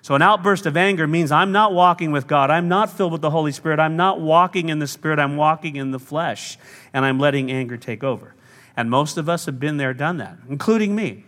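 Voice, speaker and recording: A male pastor delivering a sermon in a slightly higher voice, his words carrying a long reverb through a big hall. He tells stories and acts out the people he quotes, now and then with a laugh. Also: a little fast, a bit bright. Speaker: lead pastor.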